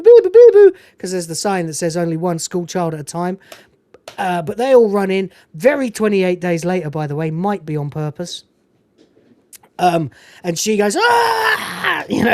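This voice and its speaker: A woman's voice: fairly low pitch, no room sound. A woman hosting a podcast, giving a casual, swearing-filled, digressive recap of a film scene. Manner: animated, profane, digressive. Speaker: podcast host.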